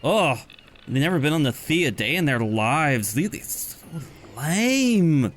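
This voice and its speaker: A man's voice: fairly high pitch, big pitch swings, a little hiss or hum, pitched above the performer's own voice. Guy putting on a snooty triton sailor, sneering and whiny, dragging every word. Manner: whiny, drawn-out valley-style mockery.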